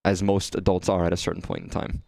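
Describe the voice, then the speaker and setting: A man's voice: low voice, level tone, fast talker, gravelly, darkish tone. A man commenting casually while streaming a game, chatty and echoing lines from the game in voices. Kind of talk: live gameplay commentary.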